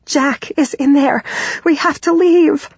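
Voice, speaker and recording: A woman's voice: high-pitched, slow, dry recording, voice pushed up. A woman voicing a panicked young woman who screams and sobs breathlessly in terror. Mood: panicked screaming. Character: panicked young woman fleeing her attacker. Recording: dull, dry audiobook recording.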